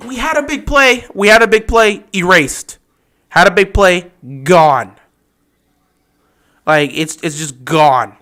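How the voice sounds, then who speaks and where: A man's voice: sits high, sharp tone. A man hosting a casual live stream, talking over a football game and mocking upset fans with whiny impressions.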